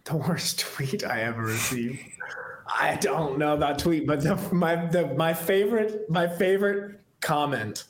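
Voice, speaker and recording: A man's voice: a little high, unhurried. A musician being interviewed on a podcast, a man talking in a laid-back, rambling way and laughing easily. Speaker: musician guest. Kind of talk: casual podcast chat. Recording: roomy echoey sound.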